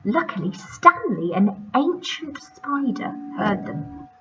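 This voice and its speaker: Slow, lively woman teacher reading aloud. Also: on the high side. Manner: expressive, sing-song storytelling. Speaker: primary school teacher. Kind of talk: storybook read-aloud for children. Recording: muffled lo-fi recording.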